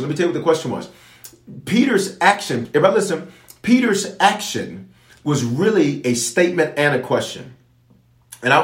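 A man's voice: fairly high pitch, reverberant. A man preaching and praying in a casual, emphatic style, repeating his phrases and using slang. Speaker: bishop leading an online prayer. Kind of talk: live-streamed sermon and prayer.

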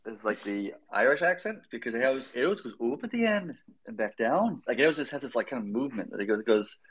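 A man's voice: medium pitch, expressive, quick pace, fairly bright tone, slight background noise, low-quality recording. A man with an American accent chatting casually as a guest, rambling and laughing at himself. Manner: rambling, laughing, self-deprecating. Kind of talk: casual chat on a live audio space.

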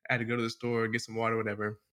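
A man's voice: fairly low pitch, monotone, rapid-fire, fairly bright tone. A man co-hosting a podcast, telling a story in laid-back casual chat, full of slang and swearing. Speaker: podcast co-host.

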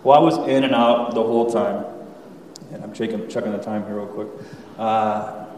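A man in his thirties telling his personal testimony to a church congregation, candid and conversational, with fillers and soft laughs. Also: lowish voice, steady tone, normal speed, a little hiss or hum. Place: church sanctuary. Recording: echoey hall, voice from far off.

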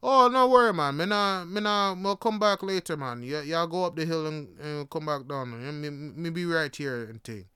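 A man voicing a relaxed Jamaican taxi driver with a Jamaican accent, reassuring and easygoing. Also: fairly high pitch, normal speed, hardly any pauses, clear, resonant tone, no room sound, studio quality.

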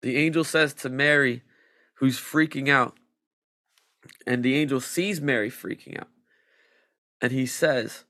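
A male pastor delivering a sermon in a bright, ringing voice. He speaks very slowly and deliberately, leaning hard on each phrase. The sound is close and dry, with no room around it. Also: medium pitch, no room sound. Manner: slow, emphatic preaching that builds in intensity.

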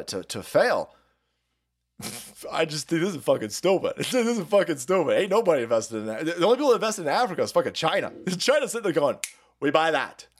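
A male livestream host tears through the news in a loose, profane rant, sneering and laughing at his own lines. His voice leaps high and drops low from one phrase to the next, sitting a little above the usual male pitch. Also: husky. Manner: sarcastic, swears constantly, laughs mid-sentence. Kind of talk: profane ranting commentary.

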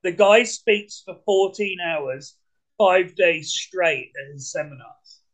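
High-voiced energetic British man. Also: takes it slowly, rough recording. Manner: energetic, blunt, swears casually. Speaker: podcast guest. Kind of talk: casual conversation.

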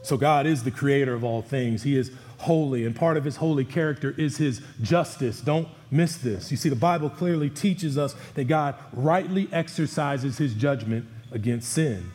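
A man's voice: normal speed, few pauses, a little mellow. Emphatic male preacher in a reverberant hall. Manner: emphatic preaching, voice dropping low on key words. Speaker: pastor. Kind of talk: sermon. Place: church sanctuary.

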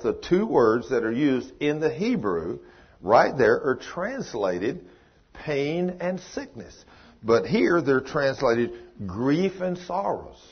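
An older man with a drawl delivers a folksy sermon. His voice is a bit husky and leaps up on emphatic lines. The recording sounds dull and lo-fi. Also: mid-range voice. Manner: folksy, emphatic preaching with rising exclamations. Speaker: preacher. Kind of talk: sermon teaching.

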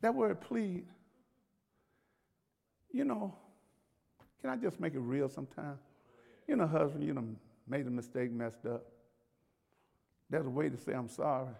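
A man's voice: on the high side, animated, unhurried, gravelly, pauses often, dark tone. A man preaching a sermon as pastor, in a folksy, conversational way with laughter and acted-out pleading. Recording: long hall reverb.

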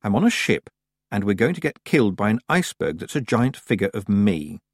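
A man's voice: lowish voice, sing-song, brisk, dry recording, studio quality. A man reading an audiobook, voicing an earnest, stubborn young witch girl. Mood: thoughtful. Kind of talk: audiobook character voice.

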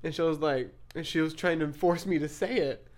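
A woman's voice: low voice, fairly quick, a little mellow, slight background noise. A young woman co-hosting a podcast, telling school memories in blunt, casual chat with swearing. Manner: blunt, swearing, laughing storyteller. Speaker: podcast co-host.

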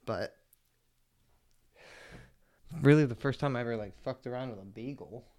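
A man's voice: medium pitch, normal speed, darkish tone, no echo, studio quality. Profane rambling male podcast host. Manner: loose, profane and jokey storytelling. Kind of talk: casual rambling podcast monologue.

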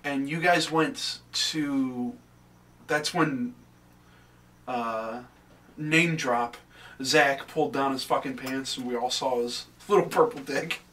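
A young man co-hosting a podcast, telling a ghost story in animated, swear-heavy casual chat. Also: medium pitch, slow pace. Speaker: podcast co-host. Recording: distant mic with faint background noise.

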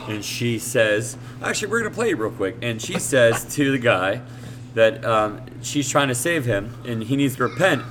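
A man's voice: medium pitch, animated, normal speed. Man, podcast host, casual chat, rambling, swears a lot, faint noise behind. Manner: rambling, swears freely, laughs often.

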